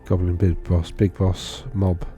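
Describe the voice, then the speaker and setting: A man's voice: deep voice, little pitch movement, unhurried, mellow, soft background music. A man casually talking through tournament data on his screen, rambling and correcting himself as he thinks aloud. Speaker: wargaming video host. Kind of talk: casual screen-share commentary.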